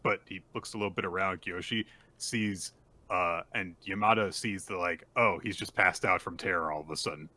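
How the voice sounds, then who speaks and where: Man, lowish bright voice, animated storyteller, casual recap chat. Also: moderate pace, dry recording. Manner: animated storytelling, acts out character lines. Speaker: podcast co-host.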